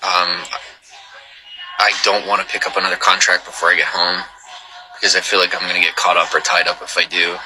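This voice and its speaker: A man's voice: deep voice, little pitch movement, a little fast, low-quality recording. A man hosting a livestream, chatting casually with viewers and rambling with joking asides. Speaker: livestream host.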